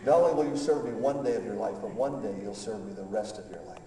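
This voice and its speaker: A man preaching a sermon as pastor, rising from quiet reflection to fervent loud passages and acting out conversations with God. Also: lowish voice, fast talker, hardly any pauses, crowd noise. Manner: impassioned, builds from quiet to loud, acts out dialogue. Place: large church hall. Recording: echoey hall from far off.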